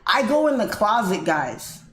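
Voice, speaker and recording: An American woman hosting a livestream, casually telling a story to her viewers in an animated way, laughing often and calling them guys. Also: mid-range voice, a little slow. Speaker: livestream host. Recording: echoey room with faint noise.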